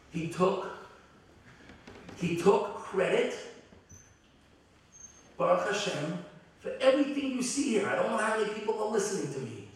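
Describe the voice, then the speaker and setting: Middle-aged rabbi, echoing from far. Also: male voice, sits high, lively intonation. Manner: heartfelt, halting, with many restarts. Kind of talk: eulogy at a memorial gathering. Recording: very echoey hall from far off.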